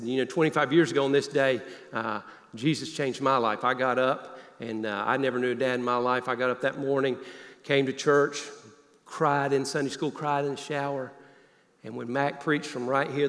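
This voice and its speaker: A man preaching a sermon, telling a personal story in an earnest voice that often drops low and quiet. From Northeast Alabama. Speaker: pastor. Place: church sanctuary. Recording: long hall reverb.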